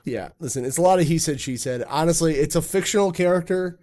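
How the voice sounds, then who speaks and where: A man's voice: fairly high pitch, fast, warm tone. A man from New York co-hosting a casual gaming chat, blunt and offhand, with plenty of swearing. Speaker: podcast co-host.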